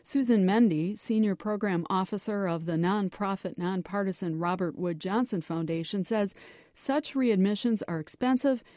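A woman reporting a scripted radio news feature in a measured, explanatory way. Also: medium pitch, warm tone, no echo, studio quality.

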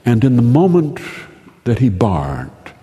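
Male host-storyteller, deadpan and unhurried, long reverb. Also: mid-range voice, slight background noise. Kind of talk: humorous storytelling monologue.

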